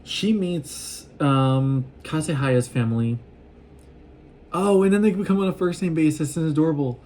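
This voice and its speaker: A man casually recapping a show in an excitable, rambling way, often acting out what the characters say. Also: on the high side, moderate pace, a little hiss or hum. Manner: excitable, gushing, acts out quoted lines. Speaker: vlogger recapping an anime.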